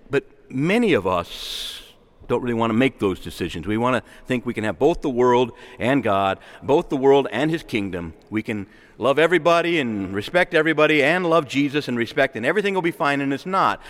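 Animated preacher man in a reverberant hall. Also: medium pitch. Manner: conversational, animated, acts out quoted voices. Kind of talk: sermon. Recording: long reverb of a large hall.

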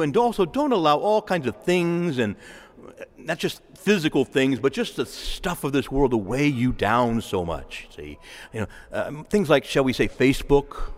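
A man delivers a homily in a casual, talky way, full of asides and restarts. His voice sits a touch high and moves a lot. A long church reverb trails each phrase. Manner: conversational preaching with asides and repetitions. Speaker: priest. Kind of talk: sermon.

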